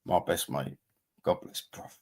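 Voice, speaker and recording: A man, chatting casually on a livestream and reading out viewer comments. He rambles bluntly, swears freely and calls people mate and bruv. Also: measured pace. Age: 50s. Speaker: livestream host.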